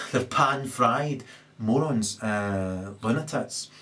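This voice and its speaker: A man delivering a profane, emphatic ranting monologue, halting often and restarting his sentences. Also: mid-range voice, pushed and bright, slight background noise. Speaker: comedic commentator.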